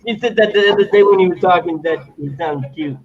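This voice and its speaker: Brief: Australian husband chiming in off-mic, offhand and brief, muffled lo-fi sound. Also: male voice, sits high, fairly quick. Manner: short offhand remarks from the side. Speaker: host's husband.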